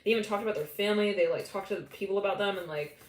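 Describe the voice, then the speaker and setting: A woman's voice: medium pitch, racing. Rambling woman giving a tarot reading. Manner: rambling, many "like" fillers, quotes imagined people, laughs often. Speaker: tarot reader. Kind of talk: live psychic tarot reading. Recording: echoey room with faint background noise.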